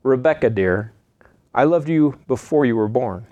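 A man voicing a loving, patient father in a read-aloud storybook, speaking slowly and reassuringly. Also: mid-range voice, lively intonation, warm tone, no room sound, lo-fi sound, close to an everyday voice.

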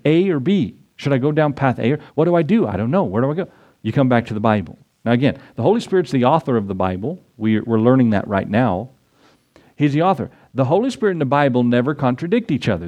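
A man preaching a sermon in a conversational, animated way, often asking his listeners questions. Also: medium pitch. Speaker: pastor.

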